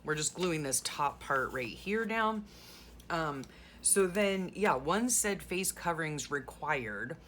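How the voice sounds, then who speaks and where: Chatty low-voiced woman crafting. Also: animated, slow, fairly bright tone, a little hiss or hum. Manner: chatty, rambling, sarcastic asides. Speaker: journaling vlogger. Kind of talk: casual chat while crafting.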